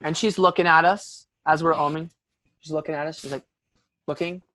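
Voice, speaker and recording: A man's voice: on the high side, a little fast. Young man telling a wild story. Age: young adult. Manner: animated, filler-heavy, frequent "like". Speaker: podcast guest. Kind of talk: casual storytelling.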